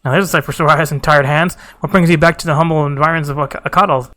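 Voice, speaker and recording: A genial, confident engineer from a fantasy game, chatty and proud of his work, read by a man. The voice is bright and on the high side. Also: steady tone, quick pace.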